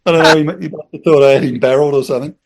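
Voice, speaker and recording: A man's voice: fairly high pitch, rapid-fire. A middle-aged Australian man, a former police officer, telling a casual anecdote as a podcast guest, acting out the voices in his story and laughing as he goes. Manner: lively storyteller who acts out voices and laughs mid-sentence.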